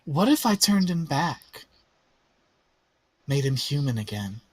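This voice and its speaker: A man voicing a sinister female spirit who tempts and taunts in a soft, coaxing voice. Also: fairly high pitch, very animated, slow pace, slightly rough, dry recording, exaggerated voice. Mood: coaxing menace.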